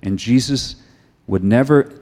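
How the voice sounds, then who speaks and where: A middle-aged man delivering a sermon at an ordinary pitch. He speaks in a chatty, storytelling manner and later shifts into a softer, earnest tone as he leads prayer. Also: measured pace. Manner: conversational storytelling, then quiet earnest prayer. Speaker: preacher.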